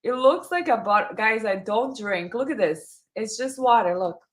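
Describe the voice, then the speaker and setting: A woman's voice: a little high, lively intonation, moderate pace. A woman hosting casual live true crime commentary, chatty and reading viewer comments aloud.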